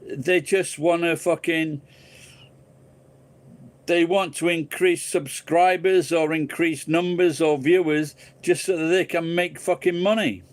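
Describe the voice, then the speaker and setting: A man's voice: fairly high pitch, fairly even intonation, measured pace. A man hosting a casual live stream, ranting profanely and rambling into crude jokes.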